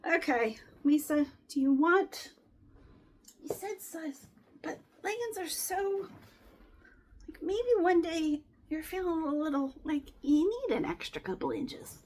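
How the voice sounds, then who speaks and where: A woman's voice: high-pitched, slow pace, a little mellow. A woman chatting casually and rambling as she sorts and resells clothing, sometimes dropping to whispered asides. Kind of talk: casual chat while sorting clothes.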